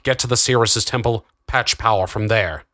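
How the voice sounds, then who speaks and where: A stern male doctor who gives curt, clipped orders, as a male narrator plays him. The voice sits low and sounds dry and close. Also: normal speed, bright, forceful tone, no room sound. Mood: commanding. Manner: curt, commanding.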